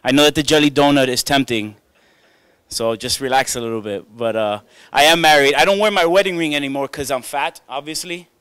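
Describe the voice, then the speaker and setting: A man's voice: mid-range voice, fairly quick, a bit bright, smooth, no room sound. A young man doing a stand-up comedy set on a club stage, chatty and self-mocking, riffing with the crowd. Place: comedy club stage before a live audience.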